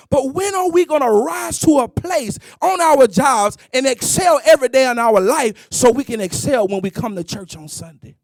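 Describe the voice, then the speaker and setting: A man's voice: extremely high pitch, no room sound, studio quality. A middle-aged man preaching a sermon, emphatic and sing-song, calling out exclamations.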